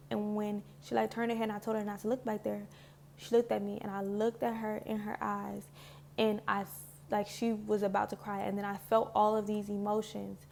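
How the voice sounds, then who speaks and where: Earnest woman with a gravelly, fry-edged voice. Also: medium pitch, level tone, brisk, darkish tone, a little hiss or hum. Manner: earnest and heartfelt, loose with many "like"s. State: emotional, near tears. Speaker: spiritual healing vlogger. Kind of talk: casual reflective talk to camera.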